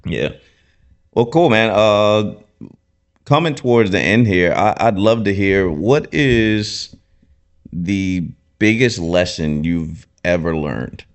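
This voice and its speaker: A man hosting a podcast in a relaxed, casual way, often affirming his guest with "mm-hmm" and "super dope". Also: sits low, slow. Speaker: podcast host.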